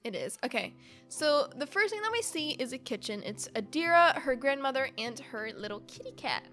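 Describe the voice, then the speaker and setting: A woman's voice: sits high, very animated, normal speed, pushed and bright, faint music behind. A woman YouTuber reading a webcomic aloud and reacting to it, bubbly and gushing, with frequent giggles.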